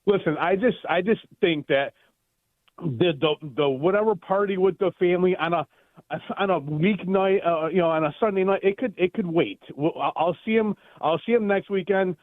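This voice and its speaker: A man calls into a radio show and rambles with many restarts. His voice is high, and it comes through a tinny phone line. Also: moderate pace, no room sound. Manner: rambling, stumbling, chuckling. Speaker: radio caller. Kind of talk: casual phone-in chat.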